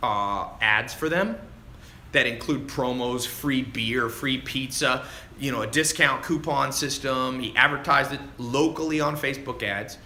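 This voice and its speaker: A man coaching viewers on a casual livestream, animated and chatty, calling people dude and man as he answers their questions. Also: mid-range voice, measured pace, slight background noise. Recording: roomy echo with faint ambience.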